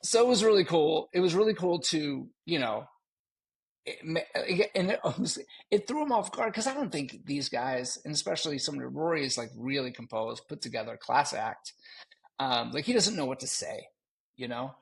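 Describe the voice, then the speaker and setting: Gravelly, husky-voiced man telling stories. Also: on the high side, normal speed. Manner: animated, laughing, slips into joking voices. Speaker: podcast co-host. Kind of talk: casual storytelling chat.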